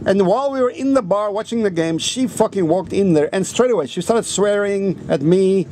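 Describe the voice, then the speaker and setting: A man's voice: high voice, moderate pace, dark tone, slight background noise. A man telling a rambling anecdote in a casual vlog, swearing constantly. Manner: rambling, profane, heavy swearing. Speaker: vlogger. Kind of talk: casual storytelling rant.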